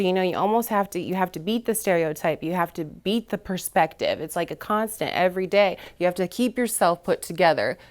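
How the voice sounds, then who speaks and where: A woman, a panel guest, telling a painful personal story in earnest, rising from quiet to heated. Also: medium pitch.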